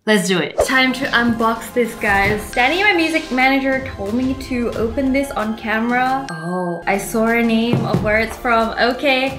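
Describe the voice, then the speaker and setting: Gushy woman youtuber, kinda high voice, squeals a lot, echoey room w music in the back. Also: normal speed, few pauses. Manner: excitable, gushing, squeals with surprise. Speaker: YouTuber and singer. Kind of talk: casual vlog talk to camera.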